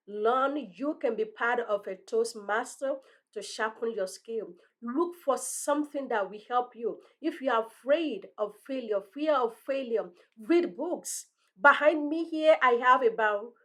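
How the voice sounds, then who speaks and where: Host read: high-pitched woman, thick accent, earnest motivational delivery from a book-lined room. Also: fairly bright tone. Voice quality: self-described strong, thick accent. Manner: earnest, encouraging, ends in prayer. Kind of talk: motivational talk.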